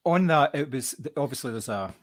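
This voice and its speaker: A man's voice: mid-range voice, lively intonation, moderate pace. A man co-hosting a podcast, reviewing films in casual chat, often repeating words while he thinks. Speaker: podcast co-host.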